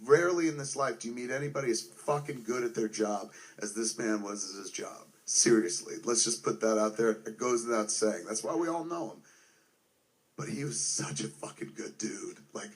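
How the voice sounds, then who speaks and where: A filmmaker in his forties gives a casual, heartfelt spoken tribute to a friend, swearing constantly and rambling with heavy use of "like" and "man." He speaks at a moderate pace in a medium-pitched voice.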